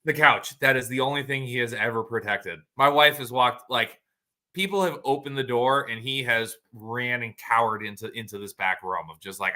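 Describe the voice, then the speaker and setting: A man's voice: medium pitch, normal speed, sharp tone. A man co-hosting a casual farm podcast, joking and laid-back, swearing casually. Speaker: podcast co-host, butcher. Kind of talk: casual chat.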